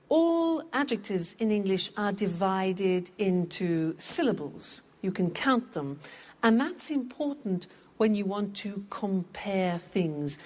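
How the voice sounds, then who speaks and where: Slow, patient woman teaching English. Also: mid-range voice, darkish tone. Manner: clear, patient explaining that repeats words for practice. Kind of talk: scripted language lesson.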